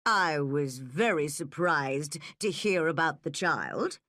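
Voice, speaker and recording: A woman's voice: sits low, expressive, takes it slowly, a bit bright, no room sound, studio quality, heavily acted. A woman voicing a nosy, blunt older village woman who tuts and disapproves in a storybook reading. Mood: disapproving. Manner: tutting and disapproving.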